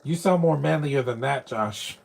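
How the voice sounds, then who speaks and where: A man giving casual live commentary while watching a movie, chatty and quick to laugh, with mocking asides. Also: medium pitch, husky.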